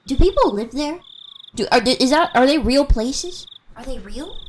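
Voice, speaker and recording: A woman's voice: high-pitched, a little slow, a little hiss or hum. A young woman with a slight American mountain accent, chatting casually and giggling with viewers during a game stream. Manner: rambling, giggly, animated.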